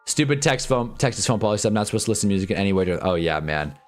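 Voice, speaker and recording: A man's voice: lowish voice, animated, rapid-fire, soft background music. A man in his twenties ranting casually on a livestream, rambling and joking with frequent laughs. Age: 20s. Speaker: livestream host.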